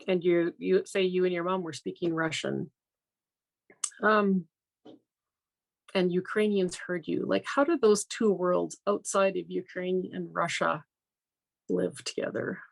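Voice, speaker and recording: A woman interviewer with a low, gravelly voice asks quick, curious follow-up questions. She sits a little back from the microphone, so she sounds slightly distant.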